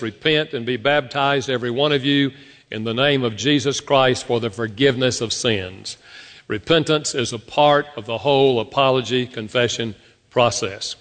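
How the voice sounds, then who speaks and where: A man preaching a sermon, telling stories and speaking directly to his congregation with lively emphasis. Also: medium pitch. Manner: animated storytelling preacher, addresses congregation directly. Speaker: pastor. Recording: long hall reverb.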